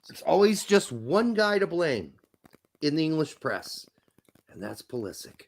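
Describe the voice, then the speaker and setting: Ranting, swearing man with lively pitch. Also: unhurried, creaky. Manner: blunt, profane and ranting. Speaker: podcast co-host. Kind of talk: casual soccer podcast chat.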